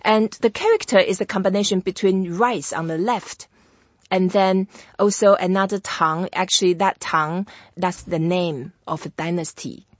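A patient woman teacher with a slightly low voice, explaining words step by step and repeating them for practice. The sound is dry and a little dull, with no room echo. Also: moderate pace. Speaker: Mandarin teacher. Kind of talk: language lesson chat.

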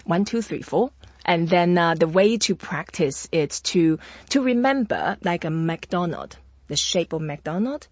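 Encouraging husky-voiced language teacher woman. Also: on the low side, expressive, a little slow, no room sound, dull audio. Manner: patient, encouraging, laughs easily. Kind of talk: casual language lesson.

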